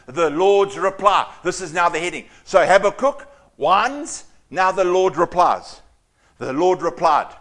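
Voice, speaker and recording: Pastor guy, fairly high voice, preaching loud then going all hushed. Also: unhurried. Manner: animated, swings from shouting to hushed, reads scripture dramatically. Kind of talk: sermon.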